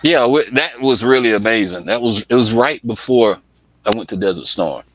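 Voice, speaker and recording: This clip has slight background noise and rough quality. In it, a middle-aged man from Atlanta who manages music projects spins chatty stories as an interview guest, laughing frequently and acting out voices, at medium pitch, expressively and at a moderate pace.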